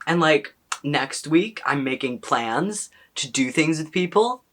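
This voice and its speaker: A young man chatting casually to camera as a vlogger, excitable and rambling, full of "like" and questions to himself. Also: a little high, moderate pace.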